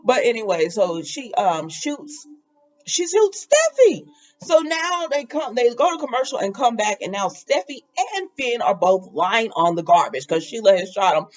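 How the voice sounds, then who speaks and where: A woman hosting a casual soap opera recap, chatty and animated, with laughing asides. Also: on the high side, normal speed, muffled recording.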